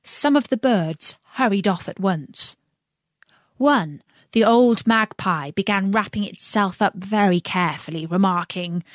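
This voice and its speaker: A woman narrating a children's classic as a storybook reading, expressive and deliberate. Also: mid-range voice, no echo, studio quality.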